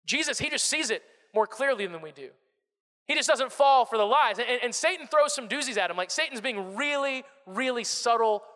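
A man in his thirties or forties preaching a conversational sermon, animated and repeating words as he starts his phrases. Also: very high-pitched, brisk, big-room sound. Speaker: pastor.

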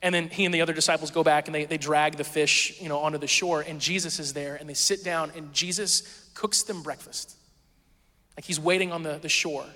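A man's voice: a little high, steady tone, fairly quick, pushed and bright, in a large hall. A male pastor preaching a sermon in a conversational, storytelling way, acting out quoted voices.

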